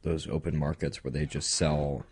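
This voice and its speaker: A man's voice: rumbling low, flat delivery, normal speed, a little mellow, breathy edge. A man co-hosting a podcast, chatting casually in a rambling, jokey way. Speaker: podcast co-host. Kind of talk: casual chat.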